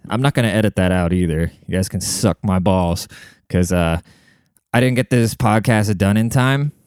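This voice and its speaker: A young man rambling through a casual solo podcast, crude and sarcastic. His voice comes through smooth and clear on a close mic. The room sound is dry, with no echo. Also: fairly low pitch, a little mellow. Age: young adult. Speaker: podcast host. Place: home room with a cat.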